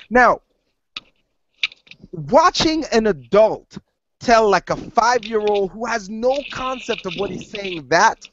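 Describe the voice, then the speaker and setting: A man's voice: high voice, expressive, slow pace, a bit bright, a little hiss or hum. Male podcast co-host: casual storyteller who swears and quotes people's lines, muffled lo-fi sound. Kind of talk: casual chat. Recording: dull lo-fi audio.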